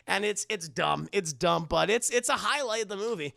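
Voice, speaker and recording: A streamer recaps a movie for chat in a loose, rambling way, swearing freely and laughing along. The voice has a gravelly fry under a bright, forward tone. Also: medium pitch, expressive, moderate pace, hardly any pauses, dry recording, clean studio sound. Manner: rambling, profane, laughing often.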